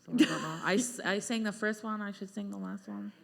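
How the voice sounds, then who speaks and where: A woman's voice: medium pitch, a little fast, vocal fry. A woman singer-songwriter telling a chatty, self-mocking story between songs on a concert hall stage, speaking into a stage microphone. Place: concert hall stage before a live audience. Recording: long reverb of a large hall.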